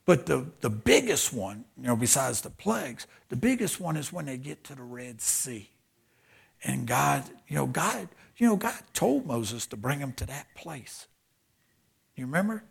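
An older man from southeastern Louisiana, a pastor telling stories in a sermon, animated and dropping into hushed whispers for emphasis. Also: mid-range voice, measured pace, creaky, slightly rough. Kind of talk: storytelling sermon.

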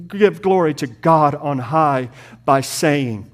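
Impassioned male preacher, fairly high voice. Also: big pitch swings. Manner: swings from loud rapid lists to hushed near-whispers. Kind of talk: sermon.

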